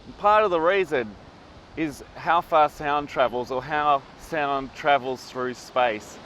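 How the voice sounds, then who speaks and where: A man's voice: fairly high pitch, slow, fairly bright tone, slight background noise. Upbeat man teaching filmmaking on lapel mic. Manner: upbeat, conversational and explanatory. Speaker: filmmaking tutor. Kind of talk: instructional video talk to camera.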